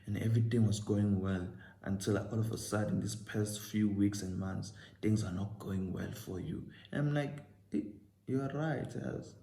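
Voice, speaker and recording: Young South African man, creaky voice, animated casual storyteller acting out the dialogue, roomy echo. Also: fairly low pitch, moderate pace. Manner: animated storytelling, acting out both sides of a conversation. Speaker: vlogger.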